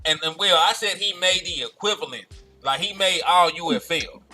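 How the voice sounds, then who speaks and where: Bright-voiced man teasing his co-host. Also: high-pitched, normal speed, faint music behind. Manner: teasing, animated, laughs a lot. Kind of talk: casual chat.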